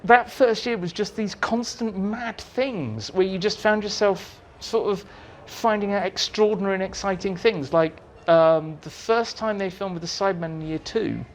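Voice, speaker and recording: Male writer guest, animated storyteller, slightly high voice, faint background hiss. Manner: animated, acts out quotes in voices. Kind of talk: anecdotal storytelling. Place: society meeting room.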